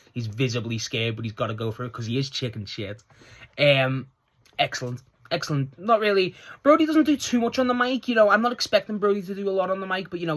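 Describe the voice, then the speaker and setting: A man talking through a wrestling episode in a loose, casual solo review. His voice is bright and forceful, and he swears freely as he recounts each segment with eager enthusiasm. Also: mid-range voice. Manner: excitable, swearing, laughing, recounting scenes.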